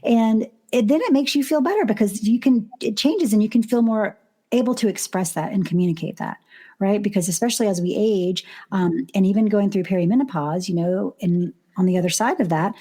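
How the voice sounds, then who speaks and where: A woman's voice: medium pitch, fairly quick, warm tone, breathy edge. A middle-aged woman, a relationship coach, talking openly and encouragingly as a podcast guest. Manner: open, frank and encouraging. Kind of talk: casual podcast chat.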